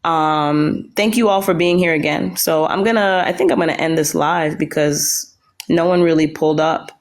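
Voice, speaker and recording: Low-voiced woman hosting a roomy live stream. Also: fairly even intonation, moderate pace. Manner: blunt, swears freely. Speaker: livestream host. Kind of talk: casual livestream chat.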